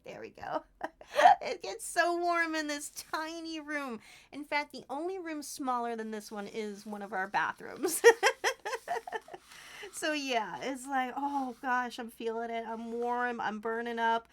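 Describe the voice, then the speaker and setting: Woman streamer, high voice, chatty and giggly, gushing thanks, small home room. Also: unhurried. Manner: chatty, giggly and effusively grateful. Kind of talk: casual livestream chat while crafting. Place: tiny warm room at home.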